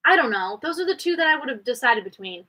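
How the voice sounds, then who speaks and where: A woman's voice: sing-song, pushed and bright, poor audio. A woman from Canada hosting a live question-and-answer stream from a home studio, chatting casually and rambling from one thought to the next. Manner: chatty and rambling, quick jumps in pitch. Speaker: livestream host answering viewer questions. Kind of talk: casual chat.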